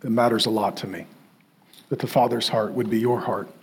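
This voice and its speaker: A male pastor preaching a sermon in an emphatic way, repeating phrases and pausing for effect. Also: lowish voice, steady tone, husky. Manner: emphatic, repetitive, with dramatic pauses.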